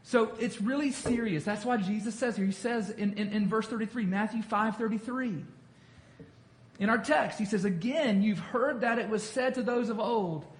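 A man's voice: high-pitched, normal speed. A man leading a Bible study as pastor, talking conversationally, repeating himself and asking the group questions. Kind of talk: interactive Bible teaching. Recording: echoey room with faint noise.

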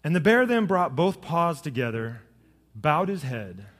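A middle-aged pastor preaches a sermon, telling jokes and stories and pressing his points with lively emphasis. His voice sits fairly high for a man. The sound rings with the long reverb of a large hall. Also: measured pace. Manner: jokey storytelling, rising to lively emphasis.

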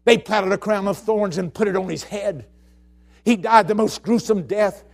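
A man preaching a sermon, telling stories and repeating phrases, swinging between hushed tones and shouting. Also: high-pitched, moderate pace. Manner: storytelling, repeats phrases for emphasis.

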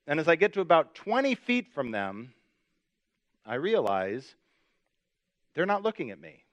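A middle-aged male pastor tells a story from the pulpit in a slightly high, lively voice, acting out each voice in it. The sound is close and dry, with no room echo. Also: a little slow. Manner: animated, self-mocking storyteller acting out dialogue. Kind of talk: sermon storytelling.

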